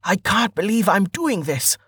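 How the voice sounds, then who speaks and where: Young male archer, voiced by a man, storybook, strained shouting, cursing, high-pitched, dry sound. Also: expressive, moderate pace, slightly rough, no echo, exaggerated voice.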